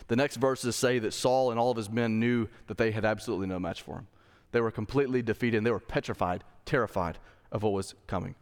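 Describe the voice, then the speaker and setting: A male pastor preaching a sermon in a relaxed, conversational way, with slang asides, building to emphatic points. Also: fairly low pitch, quick pace, in a large hall. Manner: rises to emphatic intensity when making a point. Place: church sanctuary.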